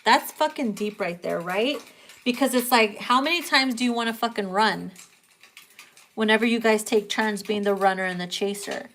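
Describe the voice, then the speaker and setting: A woman's voice: medium pitch, moderate pace, a bit bright, slight background noise. A woman giving a casual, crude, joking tarot reading, often breaking into laughter. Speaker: tarot reader.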